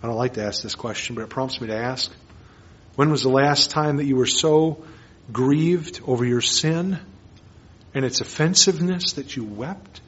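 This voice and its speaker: A man preaching a sermon as pastor, earnest, moving between hushed and emphatic lines. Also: medium pitch, moderate pace. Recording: dull lo-fi sermon recording.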